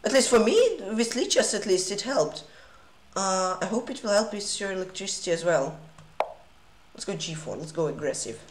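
A woman's voice: mid-range voice, sing-song, moderate pace. A woman streaming chess live, chatting with viewers and laughing often. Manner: giggly, laughs often between remarks; reads out moves and chats with viewers. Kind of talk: casual live-stream chat while playing blitz. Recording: echoey room with clear background noise.

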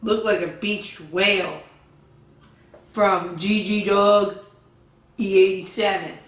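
A woman reads viewer comments in a slow, drawn-out way, then fires back with swearing and shouted insults. The room is roomy and echoey, and she sits well back from the microphone. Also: medium pitch, fairly even intonation. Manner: profane, insulting, yells at commenters. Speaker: vlogger reading viewer comments. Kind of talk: angry comment-reading rant. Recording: roomy echo, distant from the mic.

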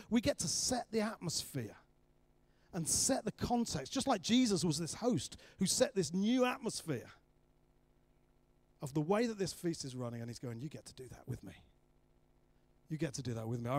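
Male preacher, slightly high voice, animated storyteller who acts out the voices, dry close sound. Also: no room sound. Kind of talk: sermon.

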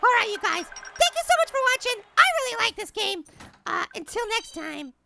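Loud music sits behind a very high-pitched, creaky, heavily acted voice. It's a gaming channel host doing voice work as a small, cheeky cartoon apple, firing off excited trash talk and rapid banter at rivals during a basketball video game.

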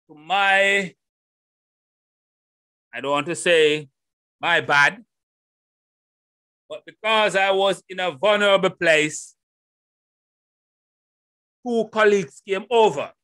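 A middle-aged man with a Jamaican accent, hosting a solo podcast and talking straight to his listeners with loud, animated rhetorical questions. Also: high-pitched, clean tone, no echo, studio quality. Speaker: podcast host. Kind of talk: casual solo podcast monologue. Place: home room in Holland. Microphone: headphones and desk mic.

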